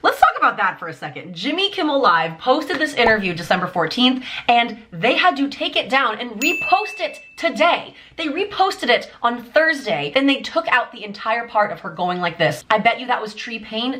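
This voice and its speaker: Bright, fired-up woman vlogger. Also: on the high side, expressive, normal speed, few pauses. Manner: emphatic, indignant, peppered with "like". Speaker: YouTuber. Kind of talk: fired-up fan commentary.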